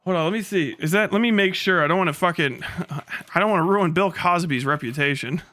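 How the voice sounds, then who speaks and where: High, bright-voiced young man ranting. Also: brisk. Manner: profane, excitable, laughs often, slips into mock voices. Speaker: livestream host. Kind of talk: casual livestream rant.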